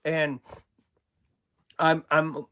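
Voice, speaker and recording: Man from Oklahoma, high voice, rambling testimony, repeats himself. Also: little pitch movement, extremely slow, fairly bright tone. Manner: rambling, repeats himself, stumbles over words. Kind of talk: storytelling testimony.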